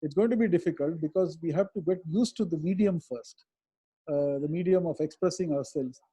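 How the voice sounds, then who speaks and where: High-voiced man explaining. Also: mellow, slightly rough. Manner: thoughtful, explanatory, with hesitant pauses. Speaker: advocate answering webinar questions. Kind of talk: webinar talk, answering questions.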